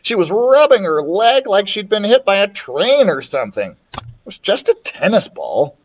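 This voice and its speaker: A man reading a children's chapter book aloud, expressive and playful, switching voices for the characters. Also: moderate pace. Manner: expressive, voices the characters with big pitch swings. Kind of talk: storybook read-aloud.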